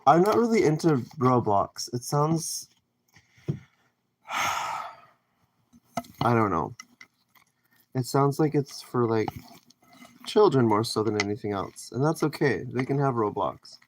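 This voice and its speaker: Animated and speaking at normal speed, a Canadian man with a mid-range voice livestreams while cooking in his home kitchen. He reads out comments and gives rambling, casual answers, with a little hiss or hum in the recording.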